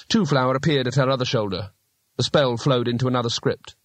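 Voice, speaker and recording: A man reading a fantasy novel aloud as an audiobook narrator, in a measured storytelling manner. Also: medium pitch, dry recording. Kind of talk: scripted narration.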